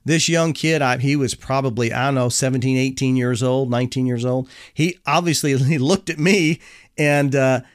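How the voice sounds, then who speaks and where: A middle-aged man telling a casual personal anecdote in an animated, self-deprecating way, chuckling as he goes. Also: mid-range voice, normal speed, no room sound, studio quality. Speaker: storyteller.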